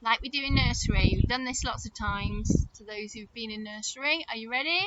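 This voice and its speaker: A woman's voice: on the high side, a little fast, few pauses, fairly bright tone, lo-fi sound, slight background noise. A woman leading a lesson for young children, playing with her voice in a sing-song, exaggerated way. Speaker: nursery teacher.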